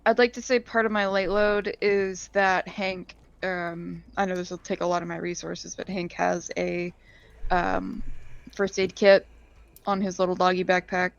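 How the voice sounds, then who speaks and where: A woman with a lowish, gravelly voice plays a tabletop game on a video call. She thinks aloud, stopping on fillers as she plans, and her dull lo-fi call audio sounds muffled. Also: fairly even intonation, unhurried, no room sound. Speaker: player.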